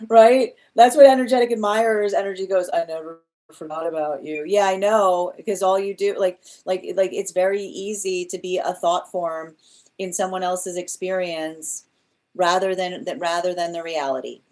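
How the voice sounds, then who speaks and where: A woman's voice: fairly low pitch, steady tone, normal speed, dark tone. A woman doing a live tarot reading, rambling with many restarts and exasperated asides, laughing often as she mocks. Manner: laughs often while mocking. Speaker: tarot reader.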